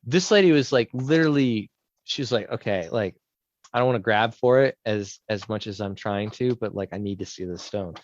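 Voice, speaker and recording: A man with a lowish voice chats loosely on a podcast, telling rambling stories and slipping into other people's voices as he quotes them. The sound is dry and a bit dull, like a lo-fi recording. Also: normal speed, dry recording. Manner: rambling storyteller, acts out quotes. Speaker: podcast co-host. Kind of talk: casual chat.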